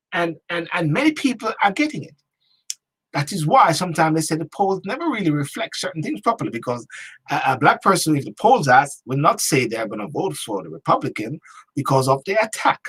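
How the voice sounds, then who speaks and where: A man hosts a late-night talk show, speaking in an emphatic, repetitive monologue. His voice is husky and slightly rough, and his pitch swings widely from phrase to phrase. Each point is hammered home rhetorically. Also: a bit bright. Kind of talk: opinion monologue.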